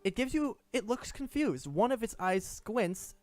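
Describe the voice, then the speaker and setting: A man's voice: high voice, no room sound, faint music behind. Young man running a tabletop game. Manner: lively, quick narration with stumbles. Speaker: game master.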